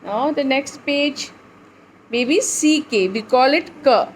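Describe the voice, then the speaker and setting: A woman teacher leading a phonics lesson for young children, reading words aloud slowly in a sing-song way. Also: sits high, lively intonation, slight background noise, low-quality recording. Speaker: English teacher.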